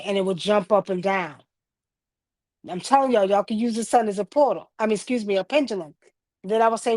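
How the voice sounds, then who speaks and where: A woman with a Southern US accent hosting a livestream, telling stories in an animated way. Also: mid-range voice, fairly quick, no echo. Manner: animated storytelling, addresses the audience. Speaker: livestream host. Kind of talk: casual spiritual livestream chat.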